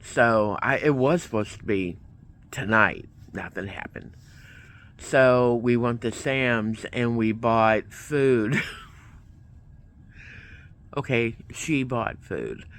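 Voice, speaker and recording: Guy vlogging, slow and rambly, telling a story from his week, plays out both sides of the talk. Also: medium pitch, a bit bright. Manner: rambling, retells events with quoted back-and-forth. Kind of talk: casual storytelling vlog.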